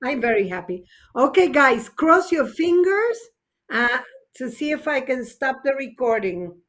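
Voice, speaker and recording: A woman's voice: sits high, animated, unhurried, fairly bright tone. A woman teaching an English grammar class, encouraging her students and explaining each point patiently, with glosses.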